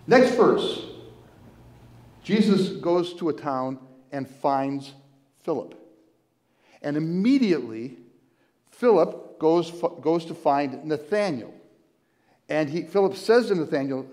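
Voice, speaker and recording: A man preaching a conversational sermon as pastor, retelling a story in a halting way, repeating and restarting words and inviting listeners to join in. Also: on the high side, animated, darkish tone. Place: church sanctuary. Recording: long hall reverb.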